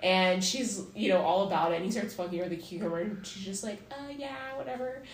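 A woman's voice: lowish voice, fairly even intonation, fast talker. Give me a woman podcast host chatting casually, laughing a lot and swearing, in a roomy echoey space with faint background noise. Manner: laughs often and swears freely. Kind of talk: casual chat.

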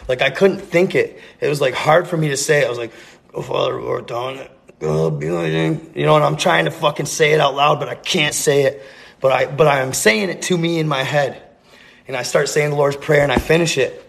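A man's voice: a little high, brisk, vocal fry, a bit bright. A man telling a rambling, profane story in a casual, earnest way, full of slang and repeats. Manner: earnest, intense.

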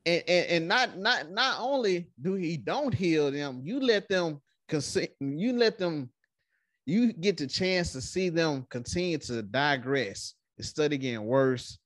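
Man, faith podcast host, animated, preacherly, slightly high voice, dry close sound. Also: unhurried, no room sound. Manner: animated, fills sentences with "man", preacherly emphasis. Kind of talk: casual faith podcast chat with prayer and scripture reading.

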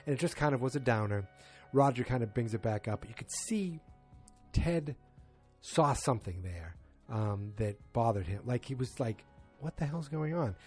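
A man casually retelling a TV episode in a rambling, halting way. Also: mid-range voice, lively intonation, slightly rough, faint music behind. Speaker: TV episode recapper. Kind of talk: casual spoken episode recap.

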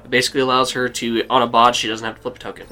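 Male game master, bright tone, rambling narration, faint music under. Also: medium pitch, little pitch movement. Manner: rambling, halting, with fillers and laughs.

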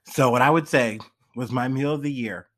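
A young man, a little drunk and high, talking in a loose, rambling vlog monologue full of fillers and slang. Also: moderate pace. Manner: laid-back, heavy on fillers and slang. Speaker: vlogger.

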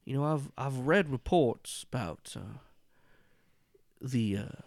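A man's voice: mid-range voice, lively intonation, slow pace, gravelly, a little mellow, dry recording. A man running a tabletop horror game as game master, narrating casually with lots of fillers and frequent laughs. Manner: rambling, laughs often, many fillers.

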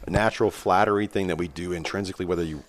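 Rapid-fire and low-pitched, with fairly even intonation, a man hosts a podcast in a casual chat, telling stories with rambling jokes into a microphone while wearing headphones. A little hiss or hum can be heard in the recording.

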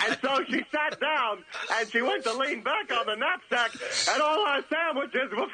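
A man's voice: very high-pitched, moderate pace, background noise. A man voicing a folksy old-fashioned inventor on a radio comedy bit, gushing and sing-song, who keeps adding "don't you know.". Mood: giddy.

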